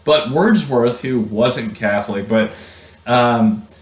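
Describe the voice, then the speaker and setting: A male university lecturer talks casually and slowly about poetry. He keeps stopping to restart his sentences and fills gaps with ums and you-knows. His voice bounces around an echoey room. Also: mid-range voice. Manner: halting, many fillers and restarts.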